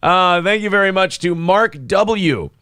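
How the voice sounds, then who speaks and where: A man's voice: high-pitched, measured pace, pushed and bright, clear, resonant tone, dry recording, studio quality. A man co-hosting a casual talk show, laughing often and swearing freely as he talks. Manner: laughing, profane banter. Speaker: co-host. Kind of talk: casual chat.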